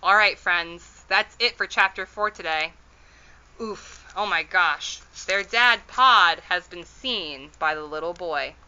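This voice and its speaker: Female storytime host; slow, chatty, bright voice. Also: fairly low pitch, clear, resonant tone, dull audio. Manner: chatty and wondering aloud. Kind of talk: reading a novel aloud.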